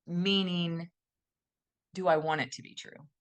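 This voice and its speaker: A woman co-hosting a podcast, speaking in a thoughtful, gently emphatic way and often posing questions to herself. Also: fairly low pitch, fairly even intonation, measured pace, clear, resonant tone. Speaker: podcast co-host. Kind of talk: reflective conversational podcast talk.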